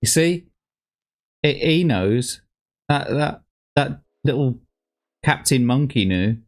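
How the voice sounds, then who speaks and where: A man's voice: medium pitch, expressive, slow pace. A man casually commenting on a livestream, rambling and sweary with plenty of slang. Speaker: streamer reacting to old adverts.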